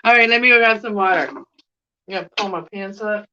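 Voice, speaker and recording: A woman's voice: medium pitch, brisk, bright, forceful tone, lo-fi sound, slight background noise. A middle-aged Canadian woman with a Canadian accent, chatting casually to camera in a rambling, giggly way. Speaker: plant vlogger.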